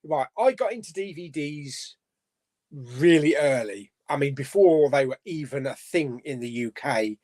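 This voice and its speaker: A man's voice: fairly high pitch, animated, unhurried, a little mellow. Chatty man hosting a live chat. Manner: chatty, reads viewer comments aloud. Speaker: live stream host.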